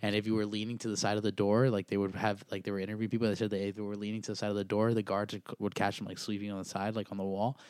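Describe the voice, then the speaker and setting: A man's voice: on the low side, flat delivery, racing, hardly any pauses, a little mellow, smooth, no room sound. A young man telling rambling stories in casual chat as a podcast co-host, full of likes and fillers.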